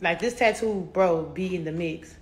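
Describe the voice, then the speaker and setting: A woman's voice: lowish voice, normal speed, a little hiss or hum. A young adult woman rapper talking casually in an interview, brash, boastful and full of profanity. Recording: roomy echo.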